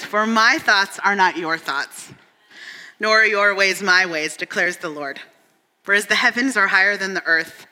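A woman's voice: mid-range voice, sharp tone, big-room sound, rough recording. A woman in her thirties preaching a sermon, telling candid, self-deprecating stories about her family with humor. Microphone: stage microphone.

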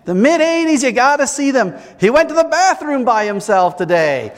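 A man's voice: very high-pitched, big pitch swings, moderate pace, long reverb tail, pitched above the performer's own voice. A pastor putting on a whiny, gushing doting man. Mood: gushing, mocking. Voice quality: whiny, nasal. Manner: mocking, exaggerated gushing.

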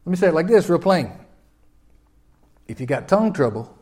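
A man preaching a sermon in a folksy way, swinging from loud emphatic peaks down to quiet low lines. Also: very animated, fairly quick, slightly rough. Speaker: pastor.

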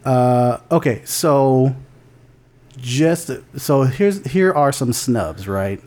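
A man's voice: medium pitch, animated, drawn-out words, darkish tone. A man co-hosting a podcast, chatting casually and bluntly about film award nominations, with lots of restarts and casual swearing. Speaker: podcast co-host.

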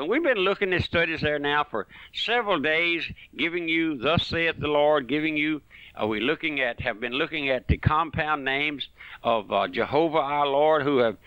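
A man delivers a radio sermon in a fervent, folksy way, swinging between loud and soft. His voice is bright and sits a little high, and the sound is close and dry. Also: no room sound, dull audio. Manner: fervent, folksy preaching that rises and falls. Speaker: radio preacher.

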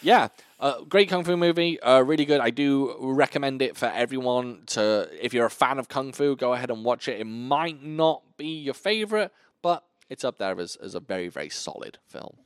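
A man's voice: mid-range voice, expressive, moderate pace, clean tone, no room sound, clean studio sound. A man hosting a podcast, chatting casually and enthusiastically about kung fu films, swearing freely. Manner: enthusiastic, swears often, lists titles. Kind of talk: casual chat.

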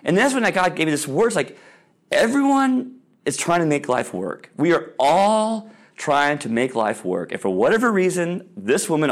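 A middle-aged man giving a faith-based talk on sports parenting, telling stories in an animated way and often checking in with "all right?". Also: a little high.

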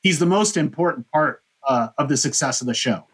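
A man's voice: mid-range voice, expressive, fairly quick, fairly bright tone, breathy edge. A man hosting a podcast, casually rambling through a history with lots of "you know" fillers. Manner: rambling, many fillers and restarts. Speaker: podcast host. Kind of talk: casual chat, historical overview.

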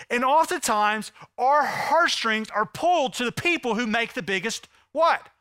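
A man preaching a sermon to a congregation, swinging from loud, pleading acted quotes to hushed, intimate asides. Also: high-pitched, big pitch swings, moderate pace, hardly any pauses, no echo, studio quality. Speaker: pastor.

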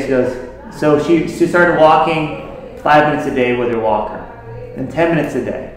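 A man with a slightly high voice talks casually to a group and tells stories about the patients he treats. He speaks in a conversational way. The recording has a lot of echo, like a big bare room. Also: moderate pace. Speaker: health practitioner treating patients. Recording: very echoey room.

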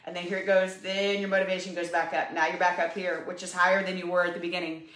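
A woman's voice: fairly low pitch, flat delivery, quick pace, a bit bright. A woman giving an upbeat, encouraging health pep talk to a live audience, chatty and full of fillers. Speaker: health coach. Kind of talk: casual livestream pep talk. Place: home room, drawing on a whiteboard. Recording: echoey room.

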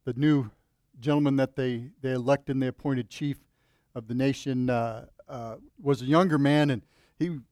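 A man's voice: medium pitch, steady tone, normal speed, a little mellow, no echo. A man preaching as a pastor at a church service, praying earnestly and then telling a folksy joke with many fillers and restarts. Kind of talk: sermon with opening prayer.

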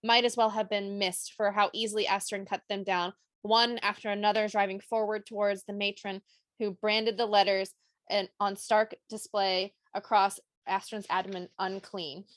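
A woman's voice: medium pitch, level tone, moderate pace, no room sound. A woman co-hosting a book podcast, reading passages aloud and reacting emotionally in casual chat. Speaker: podcast co-host.

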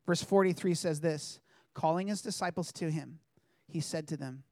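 Male preacher, slightly high voice, earnest and chatty delivery, dry close sound. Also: normal speed, darkish tone, no room sound. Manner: earnest, conversational, reads scripture aloud. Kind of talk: sermon.

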